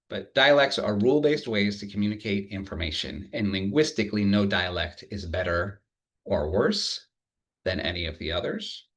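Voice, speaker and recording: A man with a somewhat low voice, lecturing in a relaxed, good-humored way. He pauses often and restarts phrases as he thinks aloud. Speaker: university lecturer. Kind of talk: academic lecture.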